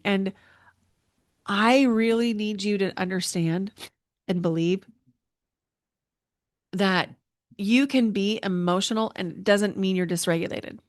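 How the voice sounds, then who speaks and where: A woman's voice: mid-range voice, dry recording, clean studio sound. Emotional, earnest woman podcast host. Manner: emotional, earnest, repeats herself for emphasis. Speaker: podcast host and intuitive coach. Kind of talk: personal reflective monologue.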